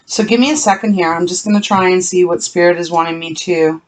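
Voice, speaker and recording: A tarot reader does a solo card reading for her viewers, speaking earnestly and with emotion. Her voice is medium-pitched with fairly even intonation, and she lingers slowly on painful words, often repeating or correcting herself partway through a sentence.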